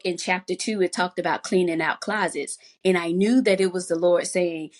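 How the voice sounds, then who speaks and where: Young adult woman, podcast guest; emotional faith testimony, sincere, a touch low in pitch. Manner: earnest, emotional storytelling with faith language. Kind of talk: personal testimony in a podcast chat.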